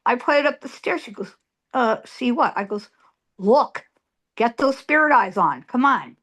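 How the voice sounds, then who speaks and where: Slow-talking, high-voiced woman medium. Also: expressive, fairly bright tone. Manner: emphatic, repeats words for effect. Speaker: psychic medium guest. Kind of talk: storytelling in an interview.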